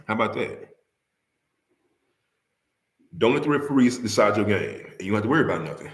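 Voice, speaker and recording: A man's voice: lowish voice, lively intonation, rapid-fire, few pauses, reverberant. A man hosting a casual sports talk livestream, arguing heatedly with rival fans, repeating himself and firing rhetorical questions at the audience.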